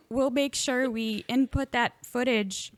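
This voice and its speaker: A woman co-hosting a podcast, telling stories in an animated casual chat and laughing often, recorded in a home basement studio. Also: a little high, slow pace, no echo. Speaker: podcast co-host.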